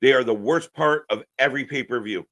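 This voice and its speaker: A man ranting on a live stream as a wrestling commentator, profane and mocking, swinging between muttering and shouting. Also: medium pitch, brisk.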